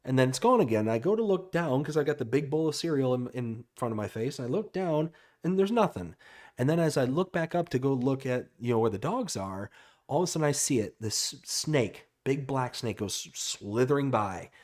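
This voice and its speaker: A man from Florida, a guest on a chat show, telling a story in a drawn-out, dramatic way. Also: medium pitch, lively intonation, darkish tone.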